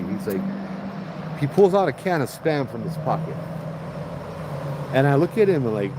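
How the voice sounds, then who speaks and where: A man with a Hawaiian Pidgin accent hosting a livestream, telling a ghost story in a lively way and putting on high voices for the people in it. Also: brisk, pauses often, very noisy. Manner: animated, acts out voices in high pitch. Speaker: host telling ghost stories.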